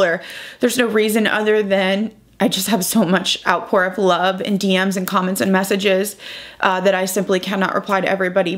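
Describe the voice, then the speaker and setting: A young woman beauty vlogger talking through a chatty get-ready-with-me, emotional and halting, close to tears. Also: mid-range voice. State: close to crying.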